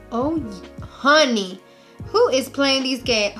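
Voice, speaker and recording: A young woman chatting casually through a makeup tutorial, bubbly and jokey, gasping with excitement over her products. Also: high-pitched, slow pace, soft background music. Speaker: makeup vlogger.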